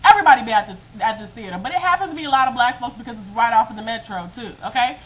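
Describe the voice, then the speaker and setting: A woman vlogger telling a story to her webcam in a casual, animated and emphatic way. She often breaks into laughter and speaks straight to her viewers. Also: fairly high pitch, very fast, low-quality recording. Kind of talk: casual storytime monologue to camera.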